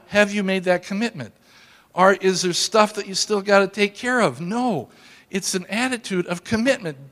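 A man with a notably high voice delivers a sermon in a church sanctuary, his words trailing off into a long echo. He talks to the congregation directly, with playful quiet asides and sudden forceful exclamations. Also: normal speed. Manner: emphatic, calls out to the congregation, shifts from hushed asides to loud exclamations. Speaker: pastor.

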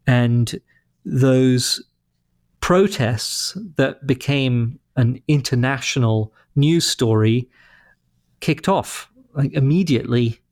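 A man in his thirties with an English accent, answering interview questions in a thoughtful, articulate, measured way. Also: mid-range voice, a little mellow, no echo, clean studio sound. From London, England. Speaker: leader of a humanist congregation.

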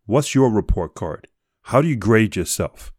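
A low-voiced man hosts a podcast and gives a blunt, profane motivational talk. He fires off one rhetorical question after another in a dark, mellow tone. The recording is dry and close. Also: lively intonation, moderate pace, no room sound. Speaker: podcast host. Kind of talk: motivational monologue.

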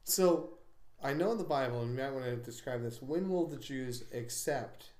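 A man of middle pitch hosts a casual conversation, rambling and digressing with frequent restarts. His voice carries a noticeable room echo. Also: moderate pace, a little mellow. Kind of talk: casual discussion. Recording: echoey room.

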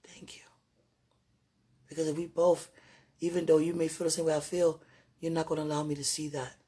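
A woman speaking softly and tenderly to a loved one in an intimate, prayerful monologue, halting and often trailing off to a murmur. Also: deep voice, little pitch movement, breathy edge.

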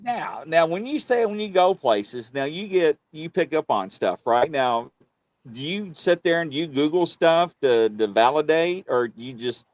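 A man's voice: fairly high pitch, lively intonation, measured pace, no echo. A man with a Birmingham accent hosting a casual livestream chat, rambling and repeating himself often. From England. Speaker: host.

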